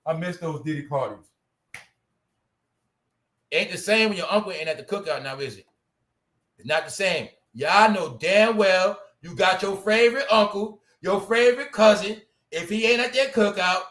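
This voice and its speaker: This commentary channel host has a sharp, bright voice and rants on his livestream, loud one second and muttering the next. His casual commentary is animated, full of rhetorical questions to the audience and repeated "y'all" and "huh."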